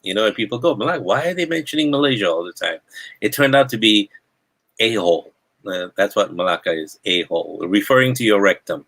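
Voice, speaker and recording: A man's voice: lowish voice, lively intonation, fast talker, fairly bright tone. A man hosting a podcast, chatting casually and rambling, often repeating his words as he tells anecdotes. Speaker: podcast host. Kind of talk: casual interview chat.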